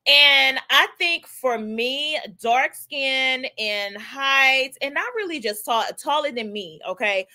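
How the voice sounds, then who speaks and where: A woman's voice: sits high, takes it slowly, hardly any pauses, pushed and bright. A young woman hosting a casual gossip livestream, chatting animatedly and greeting viewers in the chat. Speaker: livestream host.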